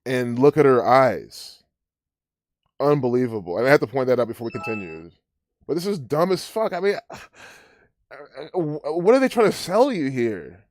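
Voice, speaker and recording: A man's voice: medium pitch, sing-song, normal speed, a little mellow, no room sound. A man hosting his own commentary channel, talking casually and scornfully over a news clip, often sarcastic and laughing.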